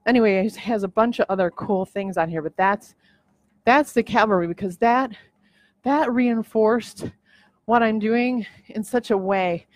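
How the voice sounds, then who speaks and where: A woman's voice: medium pitch, measured pace, no echo. A woman hosting her own podcast, talking through a list in a casual, emotional, rambling way with lots of restarts. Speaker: podcast host. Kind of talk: casual vlog monologue. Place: at home on a treadmill.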